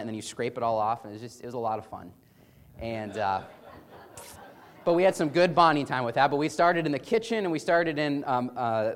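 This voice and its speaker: A man with a mid-pitched voice tells a family story in a loose, chatty way. He sounds amused and often restarts his sentences as he goes. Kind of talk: casual personal anecdote.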